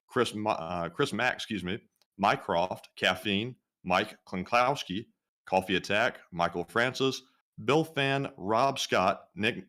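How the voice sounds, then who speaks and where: A man co-hosting a livestream, briskly reading off donations and viewer questions. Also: on the low side, a bit bright. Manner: reads long lists of names briskly.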